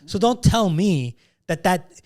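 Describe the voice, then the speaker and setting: A man's voice: sits high, lively intonation, slow pace, a little mellow, dry recording. A man co-hosting a casual podcast chat, talking emphatically with plenty of swearing and restarts. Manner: emphatic, swears freely, repeats words when starting sentences. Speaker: podcast co-host.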